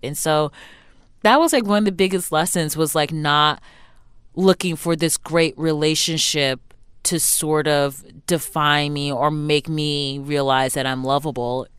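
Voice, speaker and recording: A young woman with a low, smooth voice, talking openly in an interview. She is lively and throws in quick acted-out voices of other people, full of casual "like" fillers. The recording is dry and close. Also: no room sound. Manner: animated, acts out quoted voices, frequent "like" fillers. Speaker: interview guest, author. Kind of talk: candid interview conversation.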